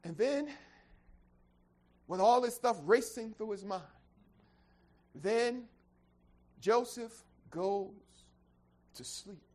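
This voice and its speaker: A preacher retells a scripture story in a vivid, conversational way. The delivery swings from quiet asides to loud, high-pitched shouting. The speaker keeps calling out to the congregation to make sure they are following. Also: lively intonation, very slow, pauses often. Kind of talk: sermon storytelling.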